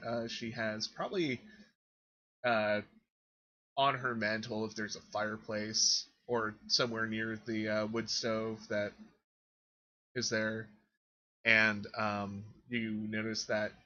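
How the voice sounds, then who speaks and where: Bright-voiced man running a tabletop game. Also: fairly low pitch, lo-fi sound. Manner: relaxed, filler-heavy description. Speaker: game master.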